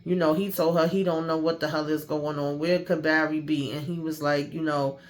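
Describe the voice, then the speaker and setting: A woman hosting a casual TV episode recap who talks in an animated, slangy way and acts out the characters. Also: low-pitched, normal speed. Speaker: YouTube TV recap host.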